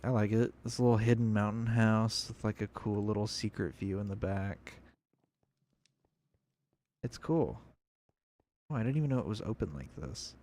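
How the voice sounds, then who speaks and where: A man's voice: on the low side, darkish tone. A young man giving casual, rambling commentary on a video game as he plays, thinking aloud. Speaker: gameplay video creator.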